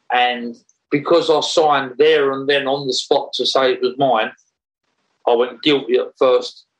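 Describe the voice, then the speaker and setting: A man tells a story to an interviewer in a loose, animated way, stumbling over restarts and breaking into laughter. His voice is gravelly with plenty of fry, sitting at an ordinary male pitch. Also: poor audio. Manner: animated, laughs while telling, rambling restarts. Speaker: interview guest.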